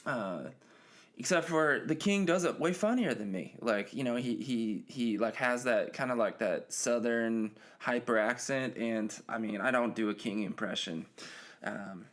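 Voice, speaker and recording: A man's voice: mid-range voice, moderate pace, a bit bright. A man hosting a solo podcast, talking casually and rambling with many fillers and restarts. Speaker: podcast host.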